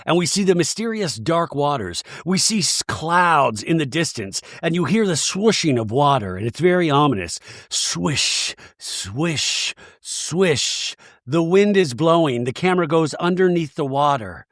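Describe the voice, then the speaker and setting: A man with a fairly high voice hosts a comedy recap podcast, riffing and tossing out jokey asides as he goes. The sound is close and dry, with no room around it. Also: expressive, moderate pace, hardly any pauses, no echo. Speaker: podcast host.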